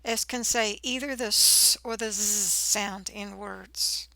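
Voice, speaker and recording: A woman teaching a phonics lesson to children, sounding out words slowly and clearly. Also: mid-range voice, fairly even intonation, pushed and bright, dry recording. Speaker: reading teacher.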